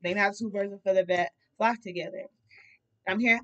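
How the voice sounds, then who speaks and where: A woman's voice: medium pitch, a little fast. Blunt profane woman reading tarot. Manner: blunt, profane, animated talk. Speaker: tarot reader. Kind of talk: casual tarot reading monologue.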